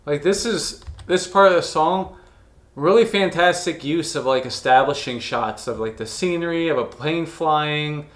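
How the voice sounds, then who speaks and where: A man's voice: a little high, measured pace, fairly bright tone, roomy sound, faint music behind. A man in his thirties or older giving casual reaction commentary as a video reviewer. He is profane and gushing, and rambles with restarts. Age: 30s or older.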